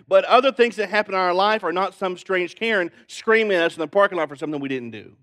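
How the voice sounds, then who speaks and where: A male pastor preaching a sermon, telling stories with animated delivery and joking asides. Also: sits high, fast, hardly any pauses. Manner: animated storytelling, jokey asides.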